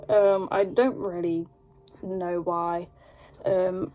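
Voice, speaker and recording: A young woman with an English accent telling a rambling, animated story at home while doing her makeup, full of "like". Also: fairly low pitch, very slow, dull audio. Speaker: vlogger. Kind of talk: casual storytime chat.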